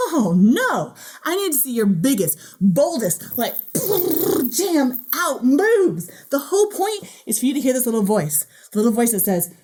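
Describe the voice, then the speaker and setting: A woman giving a motivational keynote talk in a playful, animated way, acting out the voice in her head. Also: high-pitched, measured pace, husky. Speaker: keynote speaker.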